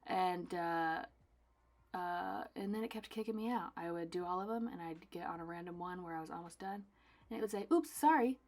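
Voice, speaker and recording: A young woman artist chatting casually while she packs her own orders, dramatic and self-mocking, swinging between loud bursts and soft asides. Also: on the low side, fairly even intonation, a little fast. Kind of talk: casual vlog chat.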